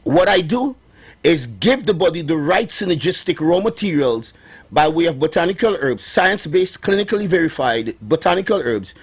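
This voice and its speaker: A middle-aged man with a Trinidadian accent hosting morning radio talk, emphatic and repeating his points slowly. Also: on the high side, sing-song, breathy edge. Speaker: radio host promoting herbal remedies.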